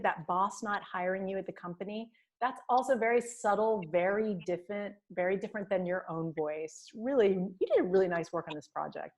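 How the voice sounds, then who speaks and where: Woman teacher giving upbeat class feedback. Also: mid-range voice. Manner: warm praise, frequent fillers and laughs. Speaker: voice and diction teacher. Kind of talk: class feedback over video call. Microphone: video call.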